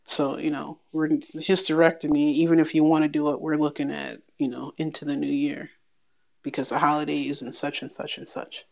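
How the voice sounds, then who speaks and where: Woman doing a personal podcast update, gravelly and wry, kinda lo-fi sound. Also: low voice, moderate pace. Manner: chatty, wry, quoting others in animated bursts. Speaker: podcast host. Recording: slightly dull lo-fi sound.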